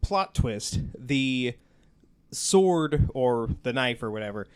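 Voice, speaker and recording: A man's voice: medium pitch, lively intonation, takes it slowly, clear, resonant tone. A man hosting a podcast in casual chat, rambling with lots of fillers. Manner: rambling, lots of "like" and "you know". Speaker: podcast host.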